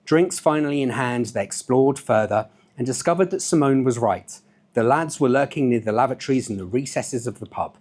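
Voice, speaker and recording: Husky-voiced male author reading his own novel, relaxed with offhand asides. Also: mid-range voice.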